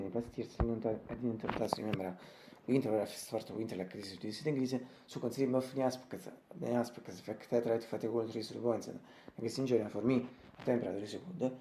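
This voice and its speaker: A man's voice: mid-range voice, background noise. A man with an Italian accent, speaking English as a second language, giving a casual daily weather report with many fillers and restarts. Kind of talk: casual daily video diary.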